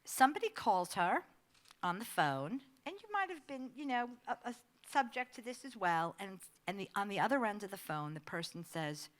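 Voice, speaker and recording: A middle-aged woman giving a conversational presentation, an animated storyteller who laughs often. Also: mid-range voice, moderate pace. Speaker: advocacy staff speaker.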